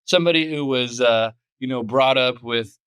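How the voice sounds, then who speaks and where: A man's voice: mid-range voice, moderate pace, a bit bright, clean tone, no echo. A man hosting a podcast, talking casually and stammering through his thoughts with many restarts. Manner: rambling and stammering, with frequent restarts. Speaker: podcast host.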